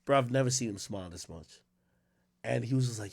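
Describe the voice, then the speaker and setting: A man hosting a casual livestream, telling stories in a rambling, animated way with many fillers. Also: mid-range voice, fast, vocal fry, slightly rough. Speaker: livestream host.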